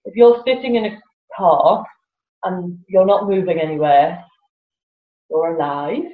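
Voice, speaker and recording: A laughter yoga teacher, appearing as an interview guest, tells stories animatedly, laughing often and acting out voices. Her voice is on the low side at a measured pace, and the recording is roomy and slightly dull with faint music.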